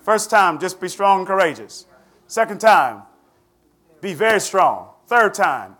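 A man's voice: sits high, expressive, measured pace, fairly bright tone. A man teaching a Bible study, questioning his listeners in a conversational way and laughing often.

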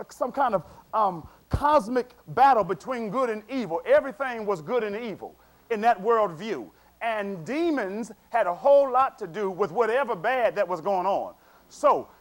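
A man preaching a sermon in a casual, conversational way, repeating words and checking in with the congregation. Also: high-pitched.

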